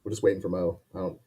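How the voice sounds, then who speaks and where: A man's voice: sits low, dark tone, breathy edge. A man from Ohio co-hosting a casual live-stream chat, easygoing and plainspoken. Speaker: co-host.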